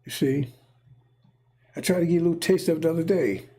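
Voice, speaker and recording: A man's voice: fairly high pitch, a little fast, dark tone, husky. A man delivering a rambling, casual spoken monologue, repeating himself and checking in with his listeners. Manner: casual, repetitive, keeps checking in with "see?" and "right?". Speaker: speaker giving a prophetic monologue.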